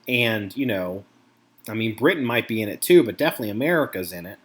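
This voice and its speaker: A man's voice: fairly low pitch, expressive, fast. A middle-aged American man hosting a podcast, ranting in a casual, profane way about current events. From United States. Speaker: podcast host.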